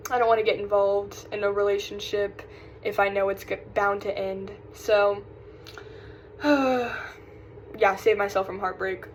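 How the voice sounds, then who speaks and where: A young woman vlogger from South Carolina chats casually in a light Southern accent, her medium-pitched voice fairly even, a little slow and full of long pauses. She rambles, sighs and keeps losing her train of thought, sounding distracted. The audio is poor, with slight background noise.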